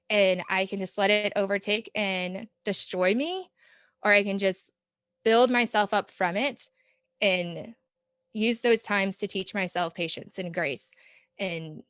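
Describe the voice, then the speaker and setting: A woman's voice: mid-range voice, fairly bright tone, no echo. Earnest woman, dry close sound. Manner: earnest, reflective, laughs often. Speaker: podcast guest, parent mentor. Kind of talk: conversational interview.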